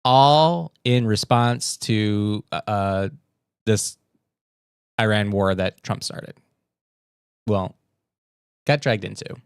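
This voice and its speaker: A man's voice: on the low side, very slow, pauses often, clean tone, no echo, clean studio sound. A man hosting a casual political news livestream, sarcastic and mocking as he reads posts aloud and comments on them. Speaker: livestream host.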